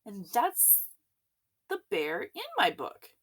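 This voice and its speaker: A woman voicing a confident, friendly little girl in a bright, matter-of-fact way. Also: mid-range voice, huge pitch swings, takes it slowly, pitched above the performer's own voice, full character voice. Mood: excited.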